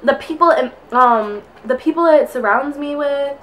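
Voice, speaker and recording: A young adult woman vlogs from home while getting ready, chatting casually in a high, fairly bright voice at a normal pace. She sounds out of breath and rambles, filling nearly every gap with fillers.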